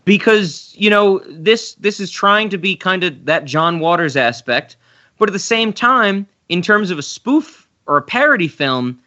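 A man's voice: high voice, animated, measured pace, bright, forceful tone. A man co-hosting a film podcast, talking casually and rambling through the plot with many restarts. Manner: rambling, restarts, acts out quotes. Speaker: podcast co-host. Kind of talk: casual film review chat. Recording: slightly muffled audio.

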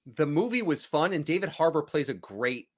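A man's voice: on the high side, big pitch swings, normal speed. A man co-hosting a casual movie discussion, enthusiastic and conversational.

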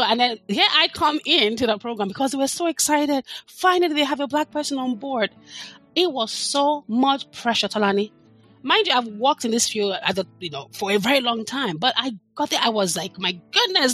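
A woman's voice: on the high side, fairly bright tone, slightly rough. A middle-aged woman, talking as a podcast guest in a passionate, emphatic way, leaning hard on her words. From Nigeria. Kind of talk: casual chat.

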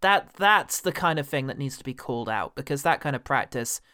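A man's voice: mid-range voice, animated, a little fast, pushed and bright, smooth. A British man co-hosting a podcast, ranting in an exasperated, sweary way about bad comedy films. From Britain. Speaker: podcast co-host. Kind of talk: casual film-review chat.

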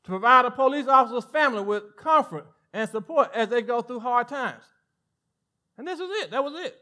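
A male pastor with a Southern American accent preaching a sermon, animated, swinging from loud emphatic lines to hushed asides. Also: very high voice, a little fast.

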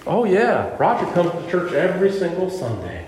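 Brief: high-pitched male pastor, fervent sermon delivery, long-reverb church hall. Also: huge pitch swings, moderate pace, a little mellow, slight background noise. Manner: impassioned, addresses congregation members directly. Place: church sanctuary.

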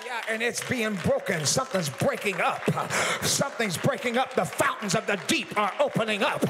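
A middle-aged male evangelist preaching a sermon with rising, shouted passion, full of repeated phrases and "uh" fillers. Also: sits high, animated, normal speed, big-room sound, faint music behind. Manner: impassioned preaching that builds to shouting; frequent "uh" fillers and repetition.

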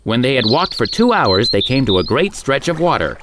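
A man narrating a fairy tale in an expressive storyteller's manner. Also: medium pitch, fairly quick, noisy background. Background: background music.

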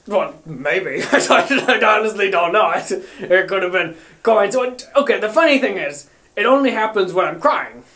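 A man's voice: high voice, animated, normal speed, bright, forceful tone. A man hosting a comedy podcast, playful and giggly, laughing through his own jokes in improvised banter. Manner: giggly, playful, keeps laughing mid-sentence.

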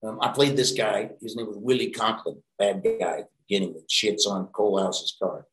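A middle-aged actor telling rambling, profane anecdotes in a casual interview. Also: male voice, fairly low pitch, fairly even intonation, normal speed, fairly bright tone, echoey room, low-quality recording.

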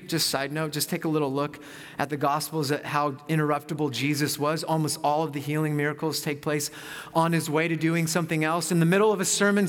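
High-voiced pastor preaching in a hall. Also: male voice. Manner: storytelling, animated, self-mocking. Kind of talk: sermon with personal story. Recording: long reverb of a large hall.

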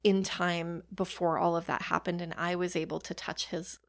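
A woman's voice: fairly low pitch, little pitch movement, normal speed, creaky, fairly bright tone. A young adult woman hosting a podcast, telling personal stories in a chatty, casual way with casual swearing and self-deprecating asides. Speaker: podcast host. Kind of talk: casual storytelling monologue.

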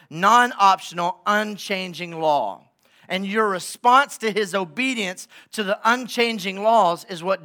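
A pastor preaches in an emphatic, conversational way and keeps checking in with his congregation. His voice is high and bright. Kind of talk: sermon.

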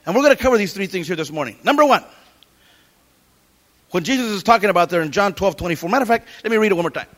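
High-voiced man preaching a sermon. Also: very fast, long pauses. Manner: animated preaching with Bible quotes and jokes. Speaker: pastor.

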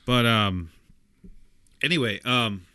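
Rambling, swearing podcast host. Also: male voice, medium pitch, slow, pushed and bright, clear, resonant tone, no echo. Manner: rambling, swears freely, laughs often. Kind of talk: casual podcast banter.

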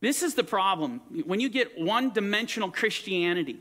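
Male Bible teacher, high bright voice, emphatic preacher's delivery. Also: animated, fairly quick. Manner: emphatic, preacherly, swings between soaring and hushed. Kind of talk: sermon-style Bible teaching.

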